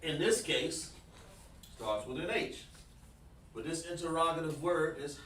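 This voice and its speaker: Slow-talking man teaching a livestream lesson. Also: on the high side, a bit bright. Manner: slow, repetitive explaining, addresses the chat. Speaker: language teacher. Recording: roomy, mic at a distance, faint noise.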